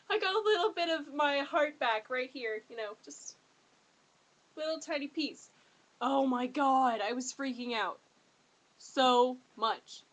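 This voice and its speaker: High bright girl ranting about her fave show, gushy, all over the place. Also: low-quality recording. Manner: excitable, gushing, rambling. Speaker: fan reviewer. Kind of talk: casual fan review vlog.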